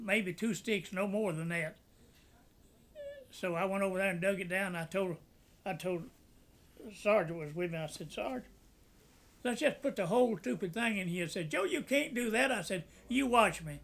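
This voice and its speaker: His voice sits high, creaky and a bit bright. An older man who served in the war, he tells wartime stories folksily for an oral history, performing the voices of the people in them, chuckling at his own jokes, and sometimes growing tearful.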